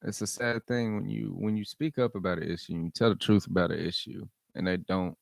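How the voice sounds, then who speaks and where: A man's voice: deep voice, steady tone, brisk, creaky, no room sound, clean studio sound. A man hosting his own vlog, giving blunt, profane commentary and repeating his points for emphasis. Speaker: vlog host. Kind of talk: casual rant commentary.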